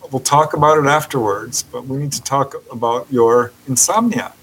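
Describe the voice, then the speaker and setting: Calm lady hypnotist asking gentle questions, a man doing her. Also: medium pitch, moderate pace, breathy edge, poor audio. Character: calm, professional female hypnotist.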